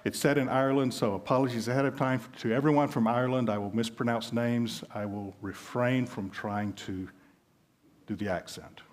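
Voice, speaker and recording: A man's voice: mid-range voice, fairly even intonation, moderate pace. A man with a Southern US accent preaching a sermon in a conversational way, telling illustrative stories. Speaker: pastor.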